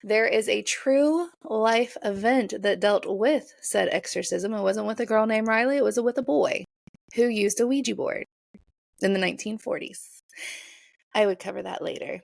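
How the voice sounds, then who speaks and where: A woman co-hosting a podcast in loose, rambling chat, laughing often and stumbling over words. Her voice has a gravelly fry, and it sits at a middle pitch. The sound is dry and close on a podcast mic. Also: lively intonation, normal speed, no room sound. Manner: giggly, rambling, tongue-tripping. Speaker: podcast co-host. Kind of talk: casual chat.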